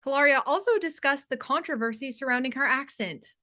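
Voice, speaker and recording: High-pitched woman reading entertainment news. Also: fairly quick, over music. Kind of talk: scripted voice-over narration.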